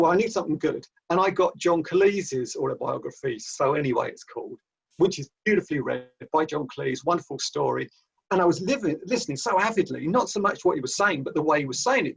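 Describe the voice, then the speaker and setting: A man, an author and audiobook narrator, telling stories in a rambling, animated way with many restarts over a video call. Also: fairly high pitch, creaky, breathy edge, lo-fi sound. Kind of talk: casual video-call conversation.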